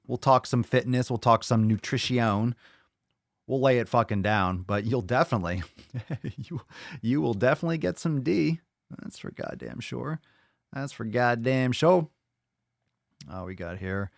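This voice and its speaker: Chatting freely with viewers on his live fitness podcast stream, a man with a mid-range voice rambles, cracks jokes, and curses, all at high volume. There's no echo, and the studio sound is clean.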